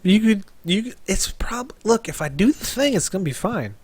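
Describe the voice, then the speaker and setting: A man's voice: sits high, lively intonation, moderate pace, darkish tone, breathy edge, dry recording, pitched above the performer's own voice. A man voicing a nervous, dim-witted, illiterate male errand runner in a tabletop game, rambling and stammering through restarts. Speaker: game master.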